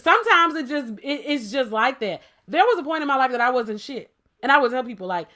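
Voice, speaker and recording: Female podcast co-host, high bright voice, emphatic, playful, rhetorical. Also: lively intonation, a little fast. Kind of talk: casual debate chat.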